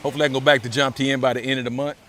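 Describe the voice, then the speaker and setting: Casual male walking vlogger on a phone outdoors, mid-pitch, relaxed, faint street noise behind. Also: rapid-fire. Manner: laid-back, thanks viewers for donations, repeats phrases. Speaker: live-streaming walking vlogger. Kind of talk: casual live-stream walk and talk. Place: outdoors by a beach and pools.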